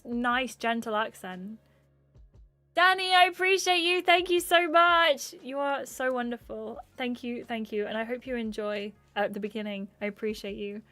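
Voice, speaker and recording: Streamer: English woman, fairly high pitch, rambling chatty delivery, dry close sound, faint music underneath. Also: a bit bright, no echo. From England. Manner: rambling, chatty, laughs often. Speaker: streamer reading chat. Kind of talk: casual livestream chat.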